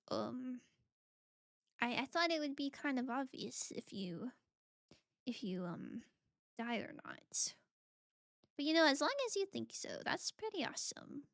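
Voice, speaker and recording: A woman streamer chatting casually while she plays a game, reading chat aloud and bursting into excited greetings. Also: sits high, creaky, no room sound, clean studio sound.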